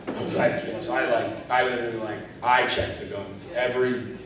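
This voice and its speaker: A male actor on a convention panel talks fairly quickly in a mid-range voice with fairly even intonation. His casual anecdotes ramble and are stuffed with fillers, and the distant recording picks up a noisy background in an echoing, large hall.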